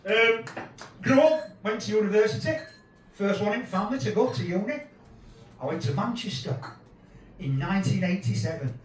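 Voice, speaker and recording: A man in his fifties with a Yorkshire accent, doing a sweary, deadpan stand-up set in a small pub room. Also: high-pitched, moderate pace, pauses often, echoey room, far from the mic, a little hiss or hum, low-quality recording. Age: 50s. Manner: crude, swearing, deadpan storytelling. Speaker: stand-up comedian. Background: audience laughter.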